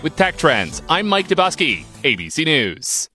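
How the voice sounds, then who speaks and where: A man reading a short tech news segment in a crisp newsreader delivery. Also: a little high, sing-song, measured pace, pushed and bright, faint music behind. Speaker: news anchor. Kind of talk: scripted news read.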